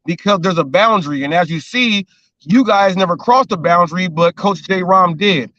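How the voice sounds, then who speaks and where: Stream host, male, high and bright, earnest, a bit lo-fi and dry. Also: moderate pace, no room sound. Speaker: host of a gig-work talk show. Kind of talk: casual live-stream chat.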